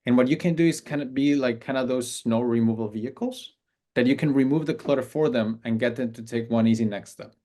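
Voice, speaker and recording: A man's voice: medium pitch, fairly quick, mellow. A man coaching on client business in a casual, conversational talk, acting out sample messages.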